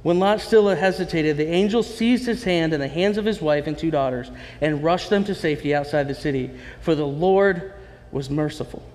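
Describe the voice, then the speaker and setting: A man delivers a sermon in a chatty, animated style and often turns to the congregation with asides. His voice sits a little high for a man. The sound carries the long reverb of a large hall. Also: normal speed. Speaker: pastor.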